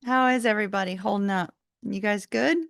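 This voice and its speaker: A woman's voice: medium pitch, a little fast, creaky, a bit bright, no echo, clean studio sound. A woman hosting a live tarot stream, chatting casually with viewers, laughing often and sounding sleepy and yawning. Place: warm room at home.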